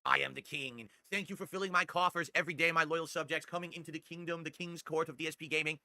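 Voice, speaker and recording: A man's voice: fairly high pitch, fairly even intonation, fast, gravelly, pushed and bright, no room sound, heavily acted. A man putting on a pompous, boastful king who thanks his loyal subjects in a grandiose, mock-regal way.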